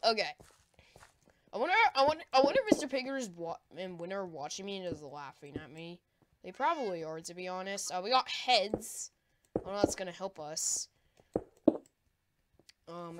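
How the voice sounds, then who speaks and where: Excitable woman narrating gameplay, very animated. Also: mid-range voice, normal speed. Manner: excitable, frequent panicked cries and laughter. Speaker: gaming video creator. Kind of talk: live gameplay commentary. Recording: loud background noise.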